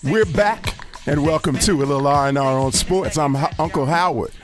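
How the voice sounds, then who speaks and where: A man's voice: a little high, fairly even intonation, fairly quick, over music. A man hosting a sports talk show, teasing and easygoing in casual banter. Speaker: host.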